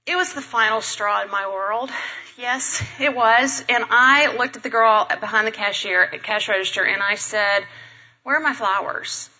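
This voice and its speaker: A married woman telling a self-deprecating personal story to a church congregation, animated and acting out the people she quotes. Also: fairly high pitch, moderate pace, dull audio.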